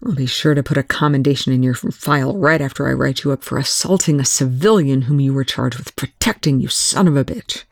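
Gravelly hard-bitten soldier guy barking orders, snarly, reader putting him on, dry close sound. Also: medium pitch, a little fast, hardly any pauses, no room sound, natural voice. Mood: furious. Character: battle-worn male military commander, hard and protective.

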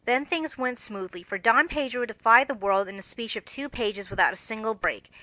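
A woman narrating an audiobook with expressive, measured storytelling. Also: mid-range voice, no echo, low-quality recording. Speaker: audiobook reader.

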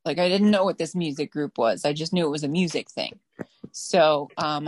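A woman's voice: deep voice, no echo. A woman student chatting eagerly as she shares a personal story with her class. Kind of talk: casual class sharing.

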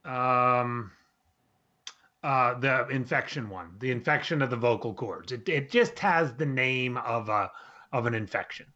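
A man answering slowly and hesitantly in a casual word game with friends. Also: medium pitch, bright, forceful tone, highs cut off. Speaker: game contestant. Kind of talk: casual chat.

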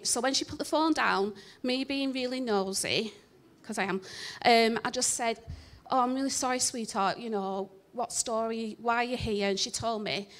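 A woman's voice: on the high side, fairly bright tone. A woman telling a church congregation a personal testimony, chatty and self-deprecating with many ums. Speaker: church member sharing a testimony.

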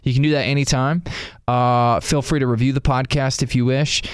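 A man's voice: mid-range voice, fairly even intonation, moderate pace, clear, resonant tone, dry recording, studio quality. A man co-hosting a radio show podcast, chatting in a playful, joking way. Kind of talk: casual radio banter.

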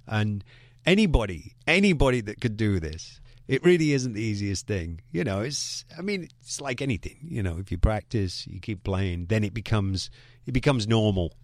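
A middle-aged man speaks as a guest on a radio show. His voice sits a little low, and his easygoing talk stumbles over repeated words. He is recorded close and dry in a studio. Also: sing-song, no room sound. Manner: easygoing, halting, repeats words, chuckles often. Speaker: guest drummer. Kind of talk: relaxed radio interview chat.

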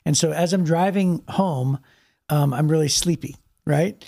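A man's voice: on the high side, unhurried, vocal fry, mellow. A man from Ohio, a pastor, telling stories in a casual chat with lots of restarts and repeated words. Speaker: pastor and podcast co-host.

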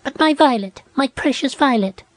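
A woman voicing a fat, pompous, wealthy lady in a storybook reading, with a shrill, indignant way of talking. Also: animated, normal speed, no room sound. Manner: indignant, fussing over her dog.

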